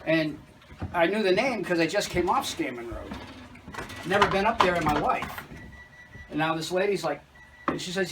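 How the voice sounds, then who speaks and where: Chatty chimney sweep telling stories. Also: male voice, fairly high pitch, normal speed, pauses often, far from the mic, background noise. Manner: chatty, animated anecdote teller. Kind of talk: casual storytelling and explaining while working.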